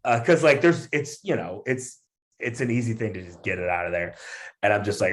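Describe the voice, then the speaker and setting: A male comedian, a guest on a podcast, telling a story in a casual, animated way with lots of fillers and restarts. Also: lowish voice, a little fast.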